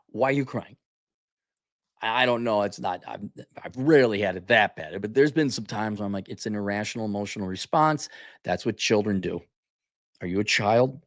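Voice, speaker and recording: A man hosting a casual opinion monologue, blunt and animated, often restarting his sentences. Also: lowish voice, fairly quick, no room sound, studio quality. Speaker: podcast host.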